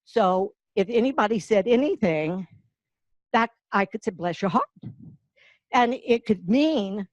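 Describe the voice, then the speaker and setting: Older woman, warmly folksy presenter; unhurried delivery, close dry mic, slightly muffled. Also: medium pitch, animated, no room sound. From North Carolina-Virginia border, US. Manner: folksy storyteller, slow and emotional. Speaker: award presenter. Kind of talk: heartfelt tribute speech.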